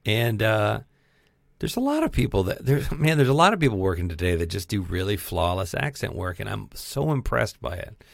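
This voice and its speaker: Man, very deep voice, gravelly, casual film-review podcast, opinionated. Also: lively intonation, fairly quick, dry recording, clean studio sound. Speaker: podcast co-host.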